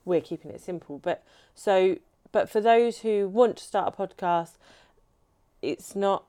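A woman's voice: medium pitch, unhurried, mellow. A chatty woman, co-hosting a casual podcast. She rambles and laughs easily, and her talk runs loose and friendly. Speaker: co-host.

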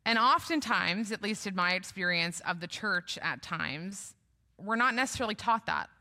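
Bright-voiced woman giving a sermon. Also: medium pitch. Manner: conversational, asks the congregation questions. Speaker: preacher.

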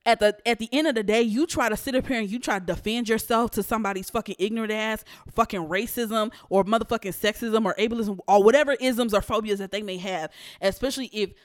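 A young adult woman hosting her own podcast, telling stories of work in a blunt, profane, animated way. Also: medium pitch, fast talker, no room sound, clean studio sound. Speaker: podcast host. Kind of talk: casual storytelling rant.

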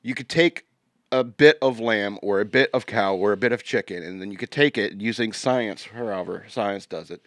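A man's voice: on the low side, normal speed, no echo, clean studio sound. A man co-hosting a podcast in casual banter, rambling and joking, often trailing off and restarting. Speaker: podcast co-host.

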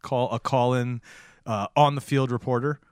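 A man's voice: medium pitch, steady tone, normal speed, clean tone, no echo, clean studio sound. A man hosting a casual podcast chat, rambling and correcting himself as he explains the show. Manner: rambling, self-correcting, upbeat. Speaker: podcast host.

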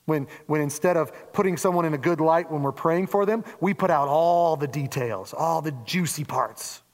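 A pastor from Oregon giving a relaxed, chatty sermon. His voice sits high for a man, and he keeps breaking into lively acted-out asides. The sound carries a long reverb, as in a church hall. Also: normal speed. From Oregon, USA. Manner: conversational preaching with playful acted-out asides.

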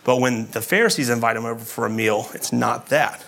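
A man's voice: medium pitch, fairly quick, creaky, a bit bright. Man preaching a conversational sermon. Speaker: pastor.

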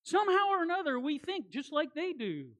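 High-voiced animated woman preaching. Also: fairly quick. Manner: animated, emphatic repetition; conversational with folksy asides. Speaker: guest preacher. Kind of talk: sermon.

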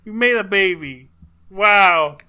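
A woman's voice: medium pitch, lively intonation, slow, bright, forceful tone. A woman in casual chat, joking and playful, with frequent swearing.

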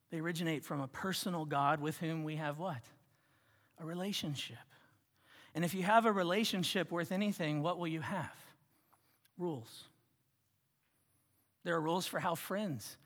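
A male pastor delivers a sermon in a church sanctuary, pushing his voice up for emphasis and then dropping it to a hushed, near-whispered hush. His voice sits a touch higher than most men's. A long hall reverb trails each phrase.

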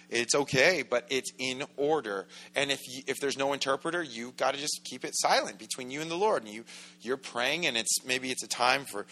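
Bright-voiced male pastor preaching casually. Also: mid-range voice. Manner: conversational, jokey, acts out quoted voices. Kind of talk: sermon. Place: church sanctuary.

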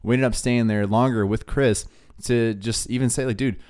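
A young man telling a faith story in a relaxed, casual way, with lots of "dude" and "like" as he talks. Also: mid-range voice, moderate pace. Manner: laid-back, says "dude" and "like" a lot. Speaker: podcast co-host.

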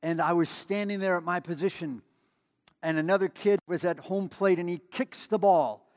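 A man's voice: high voice, fairly even intonation, normal speed, long reverb tail. A man preaching a sermon in a conversational way, with emphatic repetition and storytelling asides. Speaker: pastor.

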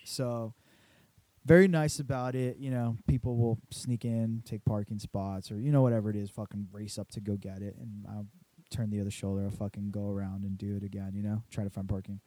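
A young man in casual chat, telling a story with lots of swearing and animated retelling. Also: lowish voice, brisk, no echo.

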